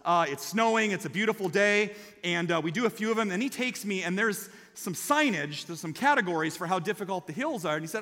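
A man preaching a sermon in a church, telling stories in an animated way and rising loud and high at the peaks. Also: fairly quick, in a large hall. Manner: animated storytelling, rises loud and high at the climax. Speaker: pastor.

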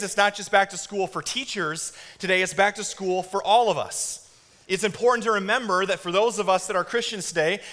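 A man in his thirties preaching a sermon to a congregation, telling stories with lively energy and shouted impressions. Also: sits high. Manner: animated storytelling with shouted kid impressions. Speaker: pastor. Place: church auditorium. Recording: long reverb of a large hall.

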